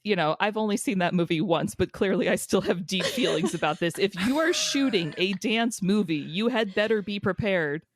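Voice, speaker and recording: A woman's voice: mid-range voice, expressive, normal speed, hardly any pauses, no room sound. A young woman co-hosting a podcast in casual chat, blunt and emphatic, laughing easily as she gives her opinions. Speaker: podcast co-host.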